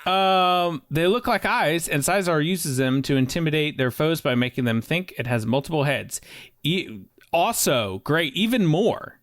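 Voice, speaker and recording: Halting man hosting a quiz. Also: on the high side, expressive, a bit bright, no room sound, studio quality. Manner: halting, lots of uh and restarts. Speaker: teacher running a quiz. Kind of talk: casual podcast lesson.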